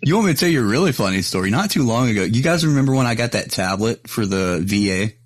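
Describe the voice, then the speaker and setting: A man's voice: mid-range voice, expressive, fast, no room sound. A man hosting a podcast, telling crude stories casually and laughing through them. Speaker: podcast host. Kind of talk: casual chat, storytelling.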